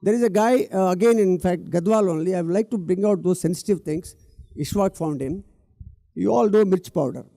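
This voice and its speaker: A man's voice: high voice, brisk, gravelly, mellow, dry recording. A middle-aged man, giving an earnest public talk on stage, repeating key words for emphasis and speaking directly to the audience. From India.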